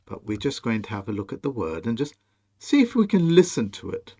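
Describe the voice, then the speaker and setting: A man presenting a monologue over on-screen images, slow, emphatic and commanding as he speaks straight to the viewer. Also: mid-range voice, big pitch swings, warm tone. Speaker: video presenter.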